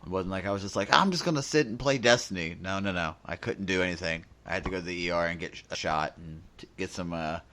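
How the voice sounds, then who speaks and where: Slightly raspy podcast co-host, low-voiced man. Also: fast talker. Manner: animated storyteller acting out dialogue. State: slightly raspy after a sore throat. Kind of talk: casual podcast chat.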